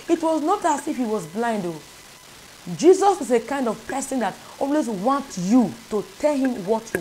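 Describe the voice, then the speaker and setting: Lady preaching, kinda high voice, repeats herself, prayerful, bit of hiss. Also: a little mellow, rough recording. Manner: repetitive, earnest, prayerful. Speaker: spiritual advisor. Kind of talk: preaching spiritual instruction to camera.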